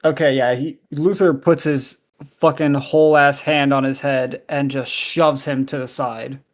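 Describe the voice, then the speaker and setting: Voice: medium pitch, fairly even intonation, a little slow. A player in a tabletop role-playing game, speaking hesitantly while deciding their character's actions.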